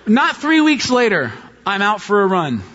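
A middle-aged man preaching a sermon as a pastor, telling a story in a lively way and mimicking high-pitched voices in his quotes. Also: normal speed. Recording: dull audio with long hall reverb.

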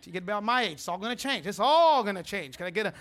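A man's voice: high voice, animated, racing, a bit bright. A man in his forties preaching a sermon as pastor, telling a funny personal story, acting out the voices and laughing often. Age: 40s.

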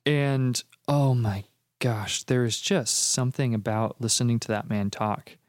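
A man's voice: medium pitch, fairly even intonation, a little slow, no room sound, studio quality. A man co-hosting a faith podcast in casual conversation, playful and enthusiastic, drifting into reflective musings. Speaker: podcast co-host.

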